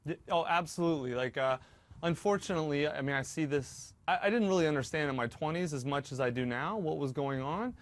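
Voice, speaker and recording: A man's voice: fairly high pitch, fairly quick. A man co-hosting a talk show, speaking earnestly and hedging with fillers. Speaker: co-host.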